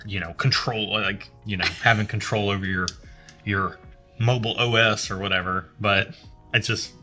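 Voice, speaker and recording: Man, lowish voice, bright tone, casual whiskey review co-host, joking. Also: fairly even intonation, normal speed, soft background music. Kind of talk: casual chat.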